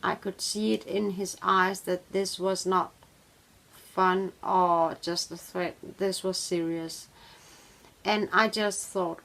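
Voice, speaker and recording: Woman narrating a personal true story, slow and halting, with a gravelly edge. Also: on the low side, flat delivery, fairly bright tone. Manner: halting, with pauses and fillers. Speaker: vlogger telling a true story.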